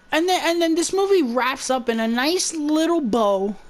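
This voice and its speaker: A woman's voice: high voice, expressive, measured pace. A woman giving a casual movie review, rambling and swearing in an exasperated rant. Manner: rambling, profane, exasperated ranting.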